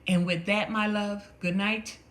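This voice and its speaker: A woman's voice: medium pitch, steady tone, a bit bright, slight background noise. A middle-aged woman hosting a casual home vlog, chatty and affectionate, drawing out her stories as she talks straight to her viewers. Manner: chatty, affectionate, drawn-out storytelling. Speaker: vlog host.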